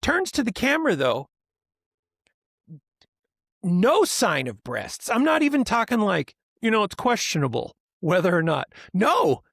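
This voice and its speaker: A man co-hosting a podcast in casual chat, rambling and animated, often mimicking other people's voices for laughs. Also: sits high, unhurried, vocal fry, slightly rough, dry recording, clean studio sound. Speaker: podcast co-host.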